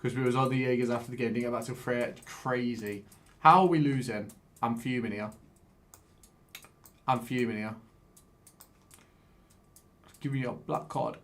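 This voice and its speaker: A man giving casual live-stream commentary while he plays a game, excitable, swearing and chatting with viewers. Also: medium pitch, moderate pace, pauses often.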